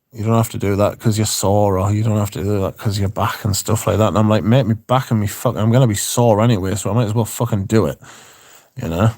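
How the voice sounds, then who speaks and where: A man's voice: fairly low pitch, a little mellow, dry recording, clean studio sound. A man, hosting a livestream in casual chat, reading viewer comments in a rambling, profane, wry way. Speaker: livestream host.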